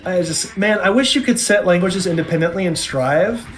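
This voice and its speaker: A man's voice: sits high, fairly quick, a bit bright, soft background music. A man in his thirties, a podcast co-host in casual chat, enthusiastic and rambling with many restarts. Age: 30s.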